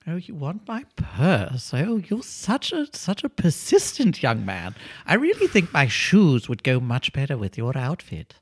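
A man voicing a sweet, fussy old lady who gushes over a robber, in a high quavering falsetto. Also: huge pitch swings, unhurried, slightly rough, full character voice. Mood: doting. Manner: fussy, overly generous, gushing.

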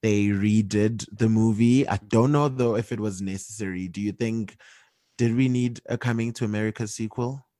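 South african guy chatting about a movie, lowish voice, dry close sound. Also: fairly even intonation, moderate pace, warm tone, no echo. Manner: chatty, candid, laughs easily. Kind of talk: casual chat, movie review.

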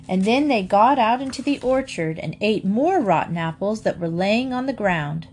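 A woman narrating a children's chapter book in a clear, steady storytelling voice. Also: mid-range voice, moderate pace, few pauses. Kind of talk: storybook read-aloud.

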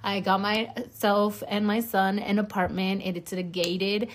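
A woman's voice: mid-range voice, level tone, unhurried, slight background noise. A young woman hosts her podcast in a loose, casual chat. She swears freely, jokes constantly and rambles along with plenty of filler words. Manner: profane, joking, rambling with many fillers. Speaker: podcast host.

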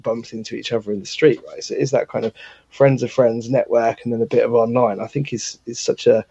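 A man hosts a casual podcast with a husky voice, enthusiastic and meandering. His audio is dry and dulled, like a remote call. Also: mid-range voice, dark tone, dry recording, muffled recording. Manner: enthusiastic, rambling, says you know. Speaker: podcast host. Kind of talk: casual interview chat.

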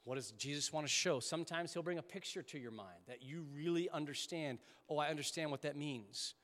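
A pastor delivering a conversational sermon, emphatic at times and dropping to soft prayerful tones. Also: male voice, a little high, brisk, long reverb tail. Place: church sanctuary.

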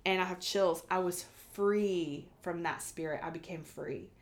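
A woman guest on a podcast, a medium telling stories in a casual, animated way and acting out the voices she quotes. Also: lowish voice, unhurried. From United States.

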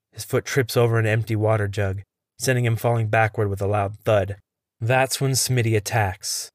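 A man telling a first-person horror story in a steady, tense narration. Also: lowish voice, no room sound, clean studio sound.

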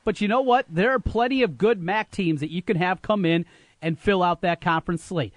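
A man's voice: high-pitched, brisk, no room sound. A man hosting sports talk radio, arguing his points emphatically from a studio. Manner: animated, emphatic, opinionated.

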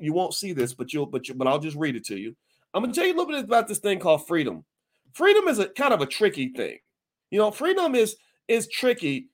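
A man hosting his own podcast, talking to listeners in a folksy, emphatic, animated way and often restarting his sentences. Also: on the high side. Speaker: podcast host. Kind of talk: casual commentary to listeners.

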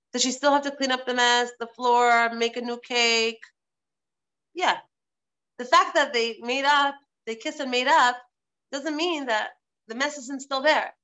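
High-voiced woman teaching with emphatic repetition. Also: a bit bright. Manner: emphatic, repeats phrases for stress. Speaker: religious class teacher and life coach. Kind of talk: live online Torah class lecture. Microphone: video call.

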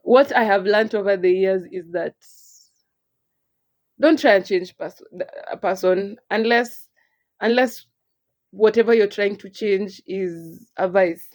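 A young woman with a Kenyan accent, co-hosting a casual podcast chat in an animated way. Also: mid-range voice, slow pace. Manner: animated, mixes English and Swahili, laughs often. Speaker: podcast co-host.

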